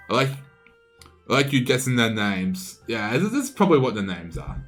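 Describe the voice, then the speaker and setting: A man's voice: medium pitch, sing-song, moderate pace, fairly bright tone, faint music behind. A man streaming live, narrating a game battle as an improvised, playful story with frequent restarts.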